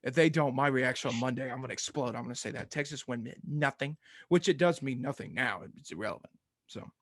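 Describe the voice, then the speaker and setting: A man's voice: medium pitch, fairly quick, husky, no room sound, studio quality. A man co-hosting a casual sports podcast, ranting with energy and laughing often. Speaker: podcast co-host.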